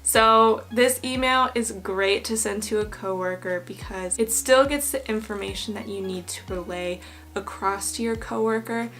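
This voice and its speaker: A young woman teaching business English, explaining clearly and reading example emails aloud with patient care. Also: medium pitch, moderate pace, a bit bright. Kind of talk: online lesson explanation.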